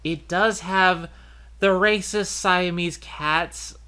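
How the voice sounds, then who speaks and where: Male podcast host, high and bright, loose rambling delivery. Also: steady tone, slow. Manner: chatty, rambling with fillers and restarts. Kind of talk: casual chat.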